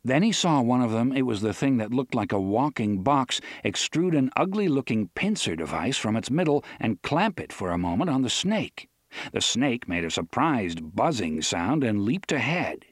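A man narrating an audiobook in a measured storytelling manner. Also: mid-range voice, big pitch swings, dry recording, clean studio sound. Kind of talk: scripted narration.

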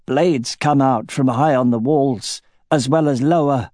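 A man voicing an eerie, unshaken young girl seer with a slow, flat delivery. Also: medium pitch, no room sound, clean studio sound, voice pushed up, natural voice. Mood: matter-of-fact.

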